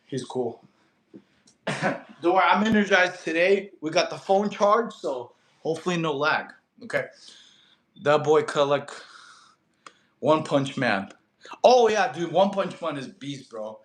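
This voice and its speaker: A man's voice: fairly high pitch, expressive, a little slow, long pauses, echoey room. A young man from Russia, a fitness streamer, chatting casually with viewers in a loose, slangy way with many fillers and restarts. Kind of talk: casual live-stream chat reading viewer questions.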